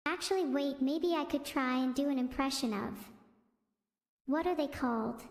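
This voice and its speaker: A female text-to-speech voice, high and moderately paced, hosts a stream in a loose, rambling way and wanders off topic readily. The audio carries the long reverb of an echoey room.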